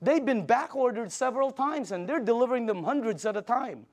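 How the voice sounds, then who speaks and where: A high-pitched older man gives an excited sales presentation. He tells anecdotes with emphatic punchlines and a pushy, storytelling energy. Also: a little fast.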